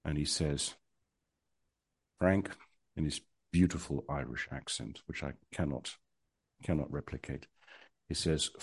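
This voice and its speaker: A man's voice: extremely low pitch, a little slow, gravelly, long pauses, husky, dry recording. A man in his sixties, answering interview questions in a reflective, hesitant way with many ums and wry humor. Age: 60s. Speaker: guest.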